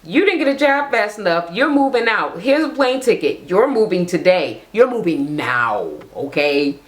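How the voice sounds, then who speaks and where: A woman's voice: mid-range voice, normal speed. Profane ranting woman recapping reality TV. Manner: blunt, profane, animated storytelling.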